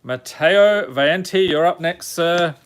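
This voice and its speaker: Here a man with a Chicago accent runs a card-pack opening stream, steadily reading off card names and then chatting with viewers in a relaxed way. His voice is smooth and fairly high, delivered at a slow pace.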